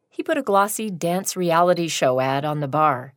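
A woman narrating a short story in a slow, deliberate reading. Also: on the low side, animated, dry recording, clean studio sound.

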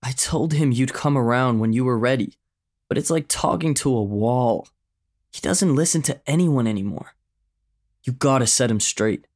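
A man's voice: medium pitch, normal speed, darkish tone, pitched above the performer's own voice, natural voice. A male narrator voicing a skinny, anxious teenage boy in an audiobook. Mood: pleading. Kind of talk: audiobook character voice.

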